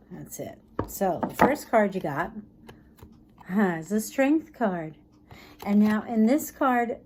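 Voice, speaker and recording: A woman giving a casual tarot reading, thinking aloud in a chatty, tired way, sometimes dropping low and soft. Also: slight background noise. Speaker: tarot reader.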